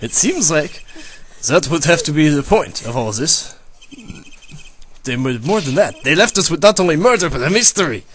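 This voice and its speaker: A man voicing a suave, smug young male rock-star prosecutor, reading game dialogue aloud in a smooth, theatrical way. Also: fairly high pitch, animated, normal speed, a bit bright.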